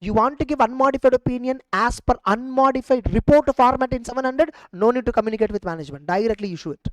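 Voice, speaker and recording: A woman's voice: a little high, fast talker, no echo, rough recording. Emphatic Indian English woman teaching. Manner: emphatic, repeats points, asks the class rhetorical questions. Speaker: exam coaching teacher. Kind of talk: online revision lecture.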